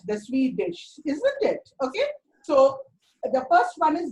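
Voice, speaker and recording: A woman's voice: high-pitched, very animated, measured pace, darkish tone, rough recording. A woman teacher, giving encouraging, explanatory feedback to a student in an online seminar. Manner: encouraging, explanatory, repeats words for emphasis. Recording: faint background noise.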